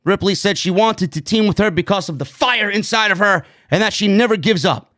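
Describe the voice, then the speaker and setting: A man's voice: high-pitched, a little fast, fairly bright tone. A man reviewing a wrestling show on his own, blunt and sarcastic, swearing freely. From New York. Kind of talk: opinionated solo show review.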